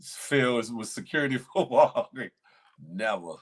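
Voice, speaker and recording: A man's voice: mid-range voice, animated, unhurried. A man hosting a live morning show, casually chatting and reading viewer comments with playful banter, frequent laughter and slangy speech. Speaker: show host.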